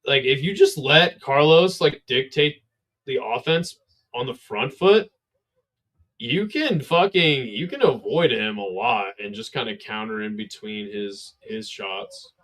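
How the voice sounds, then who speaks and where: A man's voice: medium pitch, a little slow, fairly bright tone. A sleepy man calls a fight on a live stream in a casual, laid-back way and swears freely. His voice sits in a middling range and sounds worn out. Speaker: livestream fight commentator. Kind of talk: casual live play-by-play commentary.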